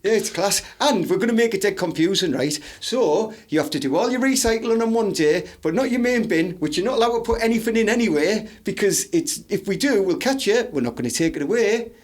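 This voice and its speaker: A man's voice: high-pitched, animated, fairly quick, few pauses. A man with a Teesside accent co-hosting a podcast, rambling through mock-serious crude stories. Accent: Teesside English. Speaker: podcast co-host. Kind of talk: crude casual banter.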